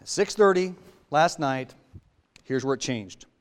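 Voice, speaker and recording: A man preaching a sermon in a church, talking to the congregation with rhetorical questions and swinging from loud to hushed. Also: a little high, lively intonation, measured pace, big-room sound. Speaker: lay preacher.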